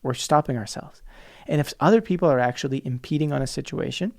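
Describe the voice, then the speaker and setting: Gravelly, fervent man podcasting solo. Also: fairly high pitch, fast. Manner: passionate, emphatic, quotes opposing views in mocking voices. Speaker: podcast host.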